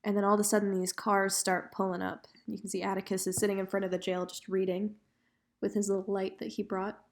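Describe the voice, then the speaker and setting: A young woman retells a story in a relaxed, conversational way, dropping in fillers as she goes. Her voice sits at an ordinary middle pitch for a woman. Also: fairly quick. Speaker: reader retelling a graphic novel.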